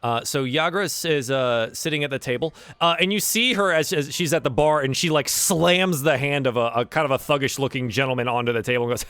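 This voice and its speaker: A man's voice: mid-range voice, a little fast, hardly any pauses, a bit bright, clean tone, no room sound. A man running a tabletop game as game master, narrating casually with plenty of fillers.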